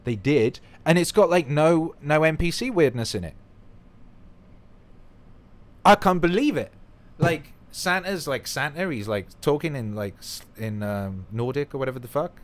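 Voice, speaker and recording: A man hosting a casual livestream chat, excitable and swearing freely, swinging between mumbles and loud bursts. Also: fairly high pitch, moderate pace, few pauses. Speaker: livestream host.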